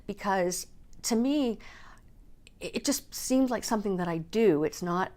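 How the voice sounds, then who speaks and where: A woman's voice: a little high, animated, moderate pace, a little mellow. A woman in a personal vlog, speaking candidly and emotionally, and swearing casually. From Canada. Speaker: speaker and coach.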